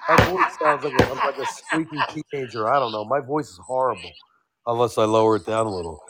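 A man's voice: medium pitch, very animated, quick pace, heavy background noise. A man co-hosting a podcast by phone from his couch, dry and profane in casual banter. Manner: dry, profane, talks over his partner. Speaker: podcast co-host. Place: on a couch at home. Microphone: phone on his chest.

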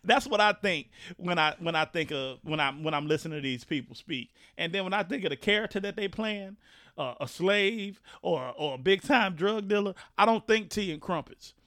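A man hosting a podcast, talking in an animated, rambling way with many restarts. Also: high voice, moderate pace, dry recording, studio quality. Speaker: podcast host. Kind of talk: casual podcast talk.

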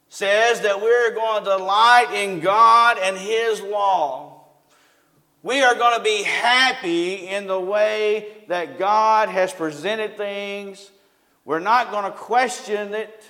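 A man's voice: high voice, pushed and bright. A man preaching a sermon in a folksy way, often asking his congregation questions. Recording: long hall reverb.

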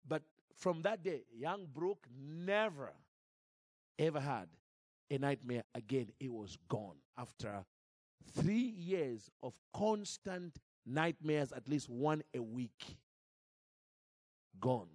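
A man preaching and telling a story in an animated way, with frequent restarts and repeated words. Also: medium pitch, takes it slowly, no room sound. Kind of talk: sermon storytelling.

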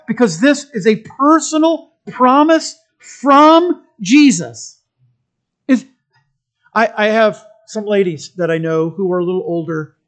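A man preaches to a congregation in a forceful, conversational style, swinging from punchy emphasis to quiet side remarks and funny stories. He has a high-sitting voice.

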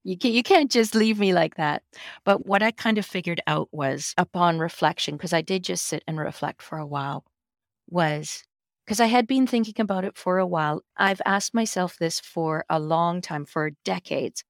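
A middle-aged woman with a low, gravelly voice tells her story emphatically and expressively as a podcast guest. Her pitch leaps up at the big moments. The sound is close and dry. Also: normal speed, dry recording. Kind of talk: personal storytelling in an interview.

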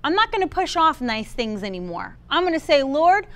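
A woman's voice: high-pitched, very animated, fairly quick, a bit bright. A woman preaching a sermon, emphatic, acting out what believers should say and calling on listeners by name. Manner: emphatic, quotes the congregation's inner voice.

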